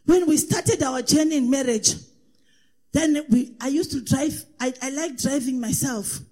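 A woman preaching a sermon in a sing-song cadence, swinging between impassioned shouts and hushed asides. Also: high-pitched, measured pace. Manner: sing-song cadence, repeats praise refrains.

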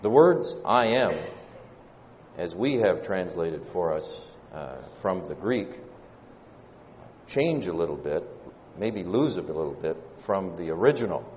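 Southern male preacher, deep-voiced, halting and thoughtful, heard on a lo-fi recording from a big echoing hall. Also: big pitch swings, darkish tone, a little hiss or hum. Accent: Southern American. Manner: measured, pausing delivery with frequent "uh" fillers. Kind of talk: sermon. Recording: dull lo-fi church recording with long reverb.

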